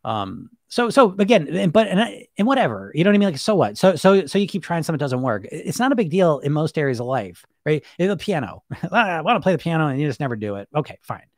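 A man coaching weight loss on a live stream, talking rapidly and bluntly, swearing casually and tagging his points with "right?" and "you know?". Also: a little high, big pitch swings, dry recording, studio quality. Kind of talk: live-stream monologue to viewers.

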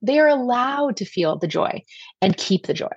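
Husky woman in her forties, chatty. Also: a little high, sing-song, moderate pace, no echo, muffled recording. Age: 40s. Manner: earnest, chatty. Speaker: pediatrician guest. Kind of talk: casual podcast chat.

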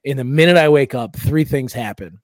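A young adult man hosting a comedy podcast, telling a long story in a loose, profane, animated way. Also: mid-range voice, brisk, no room sound, clean studio sound.

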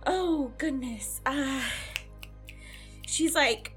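A woman's voice: high voice, very slow, a bit bright, faint music behind. A young woman playing a tabletop character, rambling through her story with many fillers and restarts. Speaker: player character. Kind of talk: in-character tabletop role-play.

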